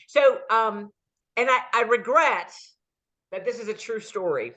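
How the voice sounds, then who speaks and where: A woman's voice: a little high, measured pace. A woman career consultant giving advice in an online chat, telling stories and acting out the dialogue in them. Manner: lively storyteller who acts out dialogue. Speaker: career consultant, guest speaker. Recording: dull lo-fi audio.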